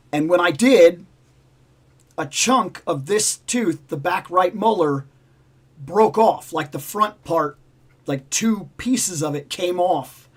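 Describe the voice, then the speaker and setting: A man hosting a livestream, telling a rambling personal story in casual chat and acting out the voices in it. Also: sits high. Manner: rambling, repeats himself, acts out dialogue. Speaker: livestream host.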